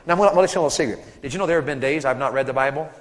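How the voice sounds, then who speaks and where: A man in his thirties preaching a sermon to teenagers at a camp, animated and storytelling, acting out voices and joking with the crowd. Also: medium pitch, racing, long reverb tail.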